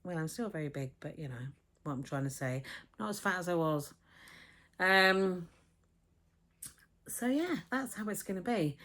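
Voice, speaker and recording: A woman's voice: fairly low pitch, animated, a little slow, long pauses, a bit bright. Blunt, chatty woman in her fifties. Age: 50s. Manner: blunt and frank, swears freely, acts out conversations. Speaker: vlogger. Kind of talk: casual chatty vlog. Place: home, with a dog barking next door. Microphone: camera on a tripod.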